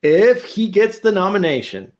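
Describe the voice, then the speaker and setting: A man co-hosting a podcast in casual, joking chat, rambling and animated. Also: high voice, normal speed, highs cut off. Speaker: podcast co-host.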